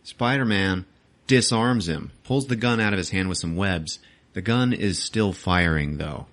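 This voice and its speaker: A man's voice: low-pitched, a little slow, a bit bright. A man hosting a podcast, recapping a movie in loose casual chat, swearing and laughing as he acts out the scenes. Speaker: podcast host.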